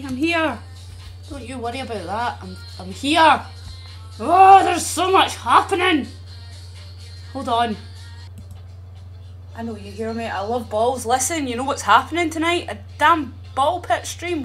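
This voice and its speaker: A young woman with a high, slightly bright voice chats casually and bluntly with her viewers on a live stream. She swears freely, speaking into a streaming microphone at home.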